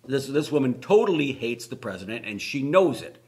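A man's voice: medium pitch, sing-song, brisk, a little mellow. A man co-hosting a political talk show, indignant and mocking. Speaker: show co-host. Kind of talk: political commentary chat.

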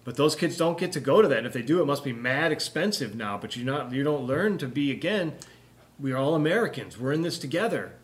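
A man's voice: mid-range voice, lively intonation, quick pace. Earnest middle-aged male co-host. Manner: earnest, agreeing, nostalgic. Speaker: podcast co-host. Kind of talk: political opinion chat.

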